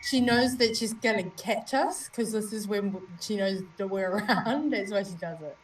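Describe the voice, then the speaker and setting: A woman co-hosts a live stream, teasing and joking and bursting into laughter. Her pitch is middling for a woman. She sits a little back from the microphone. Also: moderate pace, distant mic, slight background noise, poor audio. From New Zealand. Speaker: co-host. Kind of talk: live-stream casual chat. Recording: voice a little off mic.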